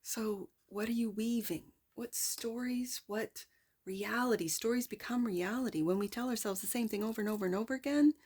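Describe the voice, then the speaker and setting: A woman's voice: a little high, normal speed, a little mellow. Bubbly woman reading tarot. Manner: playful, chatty, exclamatory. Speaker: tarot reader.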